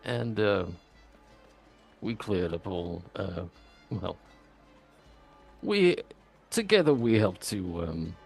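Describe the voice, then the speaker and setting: Husky low guy role-playing at the table, lots of ums, faint music behind. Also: sing-song, slow, pauses often. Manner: hesitant, with soft laughs and ums. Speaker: player. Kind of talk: in-character role-play.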